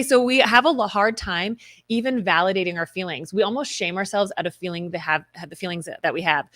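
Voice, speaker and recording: A woman's voice: on the low side, fairly bright tone, no echo, studio quality. A woman hosting a live stream, reading viewer comments and telling candid stories with quoted inner voices.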